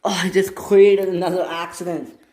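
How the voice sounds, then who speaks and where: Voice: mid-range voice, level tone, moderate pace, mellow, close to an everyday voice. The narrator of a homemade toy train story voicing a kindly male tram engine who fumbles for words. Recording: echoey noisy home recording.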